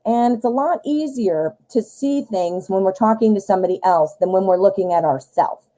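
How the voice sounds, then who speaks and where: A woman's voice: mid-range voice, normal speed, warm tone, rough recording. A woman hosting a live tarot reading stream, chatting casually and greeting viewers by name.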